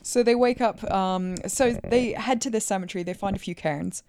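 A woman's voice: mid-range voice, normal speed, a crowd in the background. A woman co-hosting a casual film review podcast, recapping the plot with playful asides. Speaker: podcast co-host.

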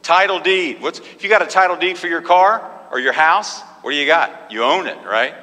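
A man preaching with a bright, forceful voice and a slightly raised pitch. He drives his points with emphatic repetition and call-and-response exclamations. His voice rings with the long reverb of a church hall. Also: normal speed. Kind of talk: sermon.

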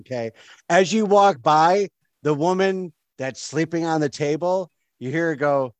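A man's voice: fairly high pitch, measured pace, long pauses, no room sound. A man narrating a tabletop game as game master, casual and rambling, full of fillers.

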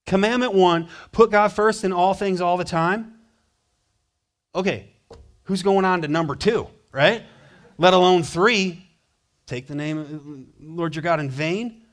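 A male pastor delivering a sermon, his voice sitting a touch high for a man. He is animated, slipping into quoted voices and moving between forceful declarations and quiet, intense passages. The manner is that of a regular preacher speaking to his own congregation. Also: measured pace, long pauses. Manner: animated, acting out quoted voices, swinging between loud and hushed.

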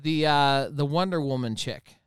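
A man's voice: a little high, normal speed, background noise. A man in casual group chat, talking loosely with lots of filler words. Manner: loose and rambling, many fillers.

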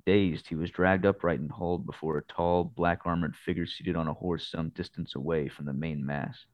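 A man co-hosting a podcast, reading a novel aloud in steady narration. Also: deep voice, normal speed, no echo. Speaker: podcast co-host.

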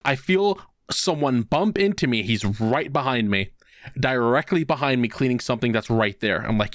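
A man with a mid-range voice speaks at a moderate pace, recorded dry and at studio quality. He's co-hosting a podcast, telling a work story in casual conversation and acting out the quotes with animated, voiced delivery.

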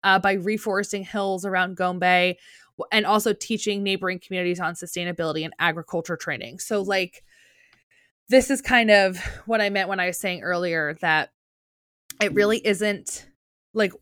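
A young woman with a New Jersey accent co-hosts a podcast, chatting loosely with plenty of "like" fillers and the odd swear word. Her voice sits at an ordinary middle pitch and sounds dry and close to the mic. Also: normal speed, fairly bright tone, no room sound. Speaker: podcast co-host. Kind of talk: casual chat.

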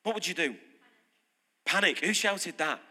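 A British man preaching a sermon, lively and conversational, putting questions to his congregation. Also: high-pitched, measured pace, slightly rough. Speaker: pastor. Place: church hall. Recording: reverberant hall.

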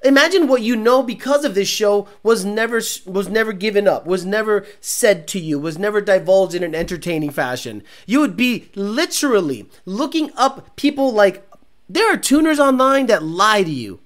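A man's voice: high-pitched, animated, moderate pace. A man hosting a car show stream, reading viewer comments aloud and ranting in a mocking, profane, casual way. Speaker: car show host reading live chat.

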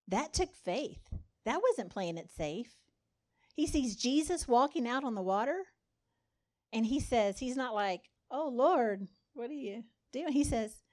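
A woman gives a conversational sermon, acting out the lines of the people in her story with different voices. Her voice is a little high and darkish in tone, animated yet slow, with frequent pauses.

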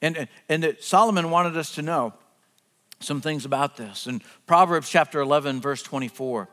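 A middle-aged man preaching a sermon earnestly, often dropping to hushed, drawn-out words for emphasis. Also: a little high. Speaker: pastor. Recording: long hall reverb, faint music behind.

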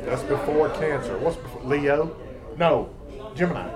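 Man, casual host, teasing and halting reader, slightly high lively pitch, crowd noise behind. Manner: teasing, reads aloud haltingly. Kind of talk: casual banter.

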